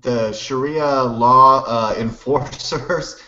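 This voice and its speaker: A man's voice: medium pitch, very slow, pushed and bright, reverberant. Guy reading news bits on a webcast, laughs easy, muffled sound. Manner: laughing, reads headlines. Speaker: panel regular. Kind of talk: casual panel chat. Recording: dull lo-fi stream audio.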